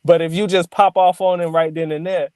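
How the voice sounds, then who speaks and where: A man's voice: on the high side, level tone, a little fast, a little mellow, clear, resonant tone, no echo. Slangy man with a dry close sound. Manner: laid-back, slangy, easygoing. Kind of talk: casual panel chat.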